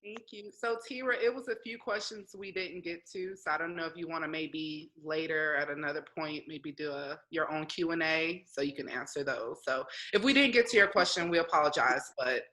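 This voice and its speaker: A woman's voice: deep voice, fairly quick, hardly any pauses, sharp tone. A woman hosting a live online interview, easygoing and conversational, on a video call. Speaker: host. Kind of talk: casual live interview chat.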